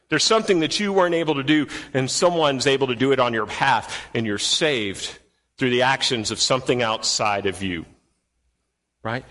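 Male pastor, slightly high voice, earnest sermon, long church-hall reverb. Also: fairly bright tone. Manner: earnest, repeats phrases, talks to the congregation directly.

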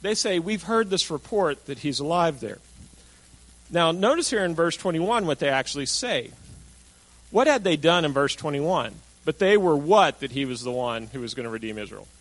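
Animated preacher, higher-pitched man. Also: normal speed, low-quality recording. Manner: animated storytelling, acting out quoted voices. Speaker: pastor. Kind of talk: sermon.

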